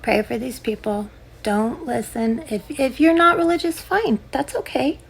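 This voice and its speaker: Speaking in a high, gravelly, husky voice at a measured pace, this young podcast host from the United States launches into a sarcastic, combative comic monologue addressed straight to her audience.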